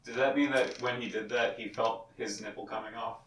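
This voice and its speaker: A man's voice: medium pitch, fairly even intonation, fairly quick, a bit bright. A man in the audience asking puzzled questions about the plot. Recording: distant mic in echoey room with faint noise.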